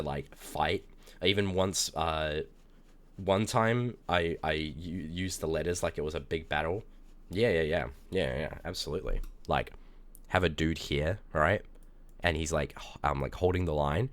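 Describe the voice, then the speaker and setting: A young man streaming live, chatting casually with viewers, telling rambling stories and bursting out in loud, cursing reactions. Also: a bass voice. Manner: animated, with loud cursing outbursts and rambling anecdotes. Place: indoors at a streaming setup.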